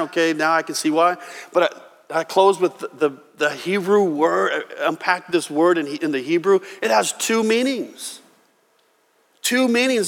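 A middle-aged man preaching a sermon as pastor, earnest and emotional, often halting and restarting his words. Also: sits high, a bit bright. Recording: long reverb of a church hall.

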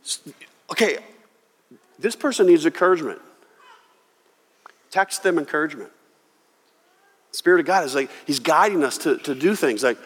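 A man preaching a sermon as pastor, telling stories with lively acted-out quotes. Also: a little high, moderate pace, long pauses, slightly rough. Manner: animated storytelling, acting out quoted voices. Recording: long hall reverb.

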